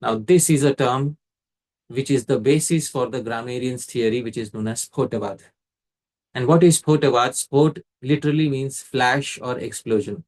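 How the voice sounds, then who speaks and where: A man giving a scriptural lecture, explaining step by step in a measured way and pausing to quiz a listener. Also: medium pitch, a little mellow. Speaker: teacher.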